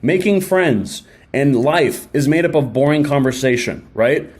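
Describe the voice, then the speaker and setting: A young man giving a casual motivational talk straight to his viewers, energetic and slangy, often acting out quick imagined exchanges. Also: on the high side. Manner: energetic, slangy, acts out quick mock dialogues. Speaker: self-help video host.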